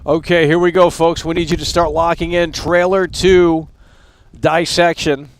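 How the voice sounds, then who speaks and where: Man, high-pitched voice, live stream host, unscripted rant, profane, exasperated, mocking. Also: little pitch movement, unhurried, clear, resonant tone. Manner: scornful, mocking laughter.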